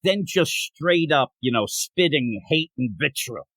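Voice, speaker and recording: A man's voice: a little high, animated, unhurried, fairly bright tone, no echo. A man hosting a casual comic book podcast, joking and rambling while sick and short of breath. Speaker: podcast host.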